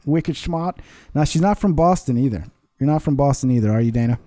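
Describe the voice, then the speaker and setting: A man chats casually on a live stream, rambling, laughing often and reading viewer comments aloud. His voice is mellow and dark, recorded close and dry, at an ordinary middle pitch. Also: lively intonation, fast, no echo. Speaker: livestream host.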